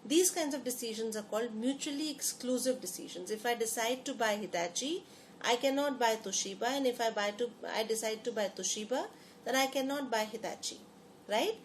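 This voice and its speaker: A woman's voice: on the high side, brisk, a little hiss or hum. A woman teaching a lesson. She often repeats phrases and puts questions to her students. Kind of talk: lecture explaining to students.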